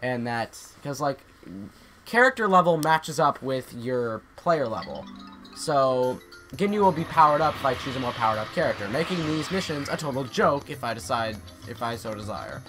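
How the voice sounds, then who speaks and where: A man's voice: mid-range voice, normal speed. A young man casually commentating a video game playthrough, swearing and joking about the game. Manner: animated, swears and laughs at the game. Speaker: gameplay commentator. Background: game music.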